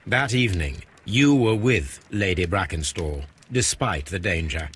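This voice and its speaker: An actor playing a calm, measured male detective in a game, speaking with precise deductions. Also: deep voice, slight background noise. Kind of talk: game voice acting.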